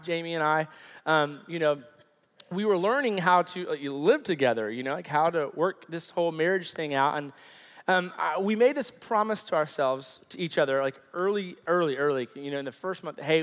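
Man preaching in a reverberant church hall. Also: fairly high pitch. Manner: conversational, animated storytelling with many fillers. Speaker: pastor. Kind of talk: sermon.

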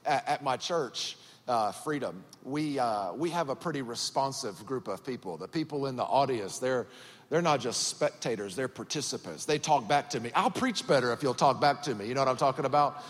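A man's voice: mid-range voice, expressive, normal speed. Southern man preaching in a big echoing church. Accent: Southern US (Georgia). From Georgia, USA. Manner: folksy, joking, conversational. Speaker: guest pastor. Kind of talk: sermon. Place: large church auditorium. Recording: church hall reverb.

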